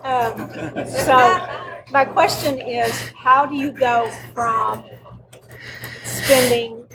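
A woman in the audience asks the speaker a question, halting and casual. Her voice is a little high, and clear background noise sits behind it. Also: steady tone. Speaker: workshop attendee asking a question.

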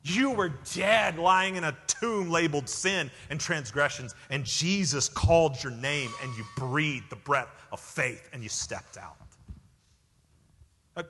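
High-voiced preacher in a reverberant hall. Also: male voice, animated, a little slow, breathy edge. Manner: emphatic, swings from loud to hushed. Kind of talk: sermon.

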